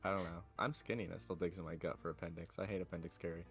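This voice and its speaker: A man co-hosting a podcast, chatting in a quick, offhand, plainspoken way. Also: deep voice, steady tone, vocal fry, a bit bright, faint music behind. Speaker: podcast co-host. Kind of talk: casual chat.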